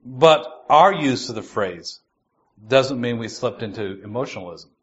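A man giving a sermon. He reads scripture slowly and stresses its key words. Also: mid-range voice, animated, dull audio. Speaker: preacher.

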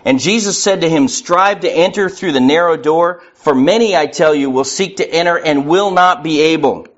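A man's voice: on the high side, moderate pace. Earnest preacher man, lo-fi recording. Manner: earnest, dramatic preaching with acted-out quotes. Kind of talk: sermon. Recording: muffled lo-fi recording.

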